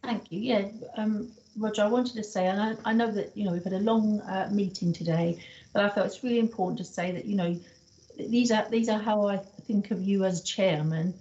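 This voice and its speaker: A woman's voice: medium pitch, a little fast. A woman councillor speaking earnestly in an online meeting. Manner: warm, earnest praise. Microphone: video call. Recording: dull lo-fi video call audio.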